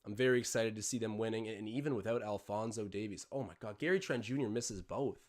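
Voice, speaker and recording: A man's voice: lowish voice, fast, a little mellow. Chatty young man calling a game live. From Canada. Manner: rambling, chatty, jumps between play-by-play and tangents. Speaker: live-stream host. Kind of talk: casual live watch-along commentary.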